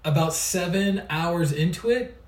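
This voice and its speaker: A man's voice: on the high side, unhurried. A man working as an energy healer and coach, telling stories in casual livestream chat and laughing often. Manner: chatty, laughs often, restarts phrases. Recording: roomy sound, mic at a distance.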